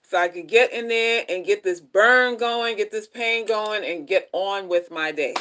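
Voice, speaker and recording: A middle-aged woman chatting casually on a livestream from home, animated and slangy as she reads viewer comments aloud. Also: medium pitch, unhurried, slight background noise. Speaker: livestream host.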